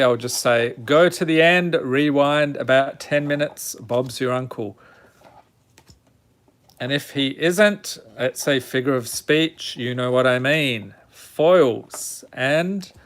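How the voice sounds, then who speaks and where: A man's voice: mid-range voice, a bit bright. A man hosting a casual card pack-opening video, reading out card names with dry, self-mocking humour. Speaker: channel host opening card packs.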